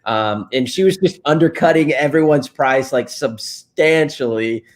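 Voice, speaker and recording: A man's voice: mid-range voice, measured pace. A married man, a guest in a casual interview, telling stories with frequent laughs and fillers. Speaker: interview guest, real estate investor.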